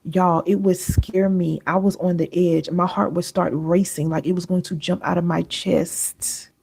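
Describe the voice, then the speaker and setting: A woman's voice: fairly low pitch, level tone, a little slow, gravelly, darkish tone, breathy edge. A woman hosting a live stream, talking earnestly and chattily to her viewers and calling them y'all, on a sensitive close mic. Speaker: wellness coach hosting a livestream.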